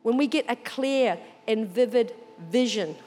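A woman delivers a sermon at a deliberately slow pace, leaning on repetition to drive each point home. Her voice sits somewhat high, and a long reverb trails her words. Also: lively intonation, a little mellow. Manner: slow, repetitive, emphatic preaching. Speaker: preacher.

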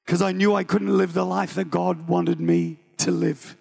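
A New Zealand preacher in his thirties tells a personal story from the pulpit. His voice sits high and carries a heavy gravelly rasp. He jokes often and acts out the other voices in the story. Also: a little slow. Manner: animated, joking, acts out voices. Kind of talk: sermon storytelling.

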